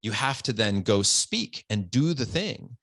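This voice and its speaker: A man's voice: lowish voice, unhurried, dry recording. A man in his forties telling a personal story on a podcast, earnest and open, close to tears at times. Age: 40s. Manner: earnest, open, animated retelling with quoted voices. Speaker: podcast guest.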